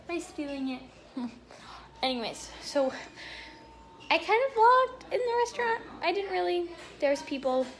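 A young woman vlogging casually from a hotel room and patio, chatty and easily excited. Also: high-pitched. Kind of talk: casual vlog chat to camera. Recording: noisy handheld camera audio.

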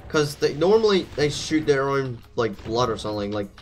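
A man's voice: medium pitch, big pitch swings, normal speed, soft background music. A man giving let's play commentary, jumpy and thinking aloud, swearing at the enemies as he plays. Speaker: gameplay commentator.

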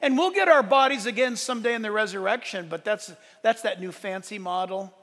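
A male pastor preaching a sunrise service sermon, animated and shouting at the high points, with joking asides. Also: a little fast, big-room sound.

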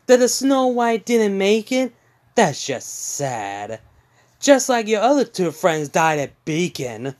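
A man's voice: sits high, big pitch swings, takes it slowly, a little mellow, voice pushed up, full character voice. A man voicing a mocking young male villain who taunts his foes.

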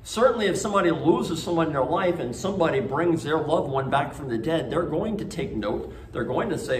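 A man's voice: a little high, expressive, a little fast, hardly any pauses, a little hiss or hum. A man preaching a conversational homily at a school Mass, telling stories with frequent restarts. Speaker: priest. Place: church. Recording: echoey church.

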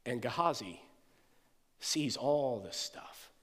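A man preaching a sermon, an animated storyteller who acts out the voices of the people in the story. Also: medium pitch, takes it slowly, big-room sound. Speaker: pastor. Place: church sanctuary.

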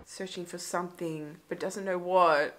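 A woman's voice: lowish voice, steady tone, moderate pace, a bit bright, slight background noise. A woman hosting a movie reaction, talking emotionally and exclaiming over what she sees. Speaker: host. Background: film audio and music.

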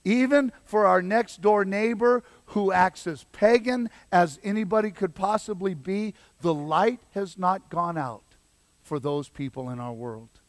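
A man preaching a sermon as pastor, swinging between loud exhortation and quiet emphasis. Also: high voice, unhurried, dry recording.

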